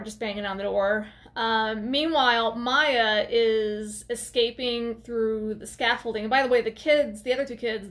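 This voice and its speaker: A woman's voice: fairly high pitch, a bit bright. A young adult woman recapping a movie in a casual, chatty way with sarcastic asides, recorded at home on a desk camera. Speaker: movie reviewer. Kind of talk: casual video review.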